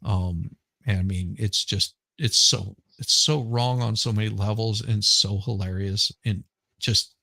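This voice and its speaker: A man's voice: on the low side, steady tone, a little slow, vocal fry, sharp tone, dry recording, clean studio sound. A man chatting casually on a live stream, rambling and restarting as he searches for names. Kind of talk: casual chat.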